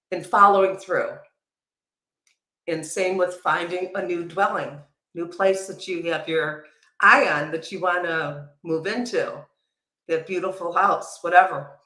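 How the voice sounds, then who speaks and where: A soft-spoken woman guest talks in an unhurried, dreamy way about the year ahead. Her voice sounds roomy and echoey, as if picked up from a live space. She speaks at a very slow pace. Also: on the low side. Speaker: guest teacher. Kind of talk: livestream casual chat.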